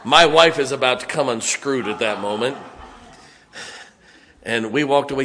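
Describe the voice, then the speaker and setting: A man's voice: mid-range voice, moderate pace, pauses often, sharp tone, a little hiss or hum. A middle-aged man from West Virginia with a West Virginian accent, preaching a sermon in a folksy, conversational way, with asides and chuckles. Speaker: pastor.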